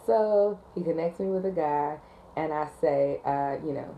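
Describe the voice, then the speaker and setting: Low-voiced woman telling a work story. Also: unhurried, mellow, slight background noise, low-quality recording. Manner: chatty, frequent ums and likes, laughs at her story. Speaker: 911 call taker and dispatcher. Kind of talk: casual storytime vlog.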